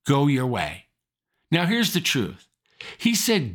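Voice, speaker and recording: Man, pastor preaching, lively rising and falling voice, slightly high, earnest storytelling. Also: slow. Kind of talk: sermon.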